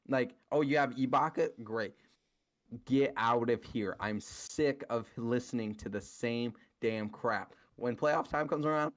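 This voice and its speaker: A man's voice: mid-range voice, unhurried. A man ranting hotly on a podcast. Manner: heated, profane ranting. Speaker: podcast co-host. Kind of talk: casual sports chat.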